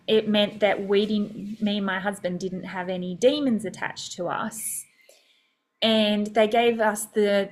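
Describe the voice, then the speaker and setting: Slow-talking woman podcast host. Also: medium pitch. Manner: chatty and reflective, many fillers and small laughs. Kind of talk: casual personal storytelling.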